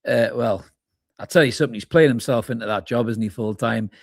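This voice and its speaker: A man's voice: mid-range voice, fairly quick, no room sound, studio quality. A man hosting a live fan reaction stream, chatting informally as he reads out viewers' comments and calls them mate. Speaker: fan channel host. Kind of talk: live match reaction, reading chat comments.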